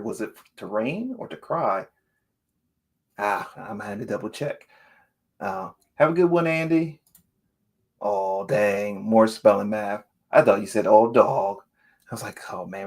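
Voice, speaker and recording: A man hosting a writing sprint livestream, chatting casually and playfully, laughing often and reading the chat aloud. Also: fairly low pitch. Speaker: livestream host.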